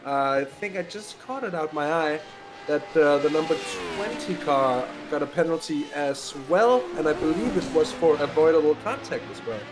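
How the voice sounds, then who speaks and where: A man co-commentating on a sim race, explaining the action in a measured, slightly hesitant way. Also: on the high side, expressive, background noise.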